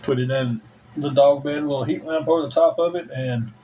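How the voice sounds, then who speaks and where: A man's voice: on the high side, fairly even intonation, fairly quick, warm tone, rough recording. Guy rambling on a livestream, folksy, thanks viewers by name, faint room hiss. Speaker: livestream host. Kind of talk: casual livestream chat.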